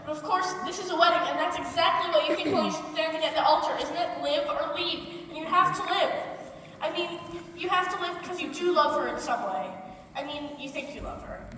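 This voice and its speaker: A woman's voice: high-pitched, a little fast, bright, forceful tone, slight background noise. A woman playing a wry, rambling male musical fan, confiding asides to the audience on stage. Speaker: narrator character. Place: theater stage. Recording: distant echoey stage recording.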